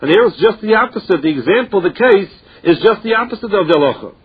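Speaking fast and animated in a high-pitched, slightly rough voice, a man reads Talmud in a study chant and explains it in English. Aramaic and Hebrew terms are woven into his English, delivered in a chanting study rhythm, on a dull lo-fi recording.

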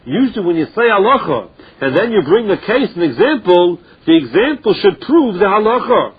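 A man with a high, breathy-edged voice and big pitch swings teaches a Talmud lesson at a moderate pace. He reads the text in a study chant and explains it in English, mixing in Aramaic and Hebrew terms with a chanting rhythm. The recording is dull and lo-fi.

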